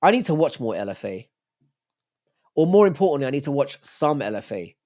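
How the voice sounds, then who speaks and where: A man's voice: mid-range voice, big pitch swings, a little fast, a little mellow. A man hosting a livestream, rambling, swearing and joking with his chat. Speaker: livestream host.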